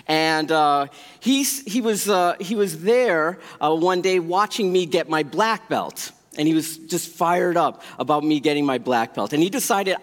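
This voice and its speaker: A man preaching a sermon and telling personal stories, swinging between loud bursts and quiet asides. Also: a little high. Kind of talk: sermon storytelling. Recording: long hall reverb.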